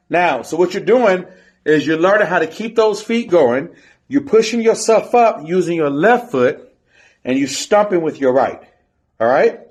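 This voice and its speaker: In this instructional drill video, a man coaches a step team, counting and chanting the beat as he demonstrates. His voice sits on the high side, and he speaks expressively at a measured pace.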